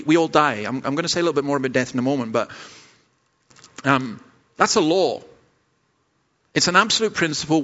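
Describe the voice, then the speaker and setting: A man's voice: mid-range voice, a bit bright, dull audio. A Scottish man, a pastor preaching a sermon, earnest and self-deprecating, with stumbling restarts. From Scotland.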